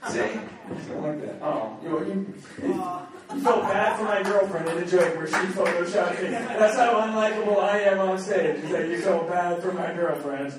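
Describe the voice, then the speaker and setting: A man's voice: high voice, normal speed, recorded from a distance, noisy background. A man from New England performing a crude standup comedy set and bantering with hecklers on a club stage. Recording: echoey club recorded from afar with crowd. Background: audience laughter and heckling.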